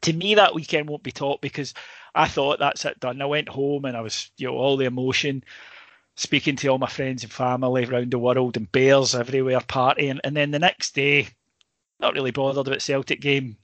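A man's voice: medium pitch, flat delivery, fairly quick, a bit bright, no room sound. Man, Scottish accent, journalist guest, emotional storytelling, dry close sound. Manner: emotional, rambling storyteller with many restarts. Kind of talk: casual storytelling chat.

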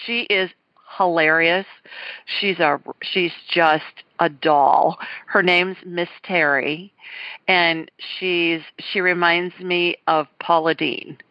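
A woman's voice: sits low, no echo. A middle-aged woman, hosting a call-in show and chatting enthusiastically about her week. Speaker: host. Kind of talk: casual chat. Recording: dull lo-fi sound.

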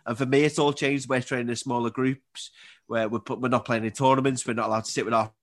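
A man in his twenties with a Scouse accent, chatting as a podcast guest and telling animated stories that he laughs through. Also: medium pitch, fast. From Liverpool area, England. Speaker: guest, Paralympic table tennis player. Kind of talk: casual storytelling.

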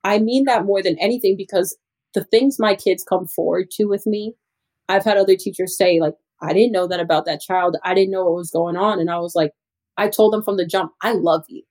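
Here is a young woman teacher talking as a podcast guest in an easy, chatty way. Her voice sits at a middle pitch. She laughs often and breaks into her students' voices as she tells stories. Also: fairly quick, a little mellow. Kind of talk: casual interview chat.

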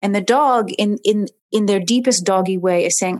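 Woman, dog behavior expert, interview talk, animated, plays out little voices. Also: medium pitch, moderate pace. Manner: lively, acts out dogs and owners in voices.

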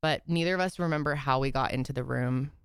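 A woman's voice: very deep voice, fast, clear, resonant tone, no room sound, studio quality. A woman co-hosting a podcast, telling a rambling, self-deprecating story in casual chat. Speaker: podcast co-host.

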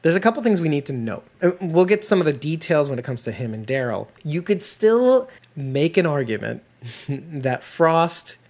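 A man's voice: a little high, moderate pace. Laughing Northeastern man recapping TV. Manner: animated, laughs often, acts out characters' lines. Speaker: podcast co-host. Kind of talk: casual TV recap chat.

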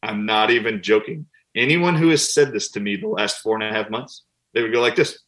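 A man's voice: mid-range voice, expressive, quick pace, a bit bright. A man, a doctor appearing as an interview guest, telling stories animatedly and acting out the people he quotes. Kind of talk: conversational interview.

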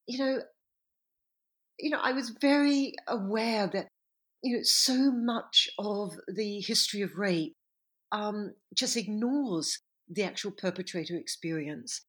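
A woman historian and author answering interview questions in a reflective, measured way, sometimes stopping to correct herself. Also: medium pitch, fairly bright tone, breathy edge.

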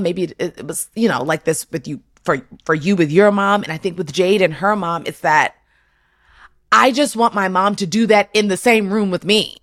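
A woman's voice: fairly low pitch, a bit bright, dry recording. Earnest emotional woman host. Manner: earnest and emotional, full of restarts. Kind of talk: casual heartfelt conversation. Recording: dry close mic.

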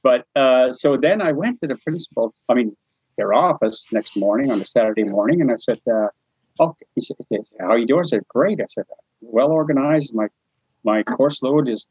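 A man's voice: medium pitch, fairly quick, breathy edge, dry recording. A man from New Brunswick, Canada, telling a personal story in a casual spoken memoir style, acting out the dialogue and chuckling often. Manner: animated storyteller, acts out dialogue, frequent chuckles. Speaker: interviewee telling his life story. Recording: dry, slightly muffled recording.

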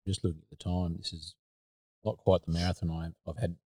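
A man hosts a casual podcast interview and feels his way through long, halting questions. His voice is very low. The sound is dry, with no room echo. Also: little pitch movement, darkish tone. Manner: hesitant, halting questions with many fillers. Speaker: podcast host.

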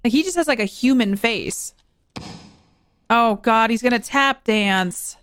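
A woman's voice: fairly high pitch, measured pace. A woman giving casual reaction commentary on a film, wry, chatty and frankly critical. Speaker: movie reaction vlogger. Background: faint film music.

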